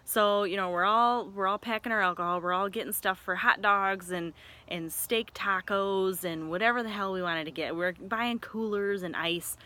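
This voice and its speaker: A woman in her thirties from Michigan tells a story in a casual vlog. She rambles in an excitable way and corrects herself often, with a bright, crisp tone at a middling pitch. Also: moderate pace. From Michigan, USA. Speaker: vlogger.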